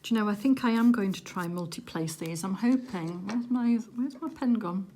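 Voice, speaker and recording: A woman chatting casually while she does a craft project at home, rambling along with little hushed asides. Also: medium pitch, normal speed. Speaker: crafting vlogger. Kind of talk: casual chat while diamond painting.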